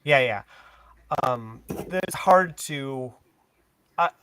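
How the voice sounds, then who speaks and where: A man's voice: medium pitch, animated, extremely slow, fairly bright tone, a little hiss or hum. A man in a casual panel chat, speaking hesitantly with many fillers. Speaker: podcast panelist.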